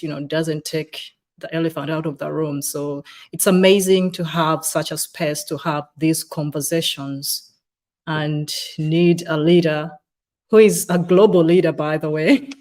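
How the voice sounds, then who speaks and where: A woman's voice: sits low, a little mellow. A woman with a Ugandan accent co-hosting a live stream, chatting casually, greeting viewers and reading their comments aloud. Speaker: livestream co-host.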